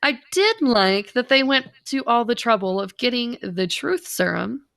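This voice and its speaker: Female co-host, heavy vocal fry, wry and amused, dry sound. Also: on the high side, lively intonation, measured pace, a bit bright, no room sound. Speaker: podcast co-host. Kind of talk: casual review chat.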